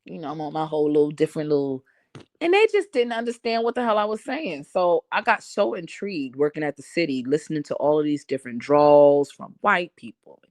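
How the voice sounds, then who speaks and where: This woman's low, slightly mellow voice is expressive and fairly quick as she reads viewer comments on her livestream. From Harlem, she speaks bluntly with a Southern-tinged New York accent, joking and laughing frequently, recorded on a phone with no echo.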